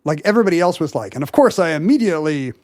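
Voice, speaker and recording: A man's voice: fairly high pitch, expressive, rapid-fire, darkish tone, no room sound. A man co-hosting a podcast, telling a story in casual chat, full of fillers and restarts. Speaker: podcast co-host.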